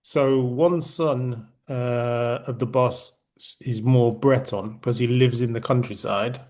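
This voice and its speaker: A man's voice: mid-range voice, fairly even intonation, slow pace, a little mellow. A middle-aged man from Yorkshire co-hosting a casual podcast chat, rambling and restarting his sentences often. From Yorkshire, England. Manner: rambling, with frequent restarts and repeated words. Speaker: podcast co-host.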